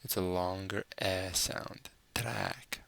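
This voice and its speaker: A man gives a recorded language lesson, saying new words slowly and repeating each one. His voice is low, gravelly and bright-edged. The room sounds dry and close. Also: no echo. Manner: patient, spells out words slowly and repeats them. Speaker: language teacher.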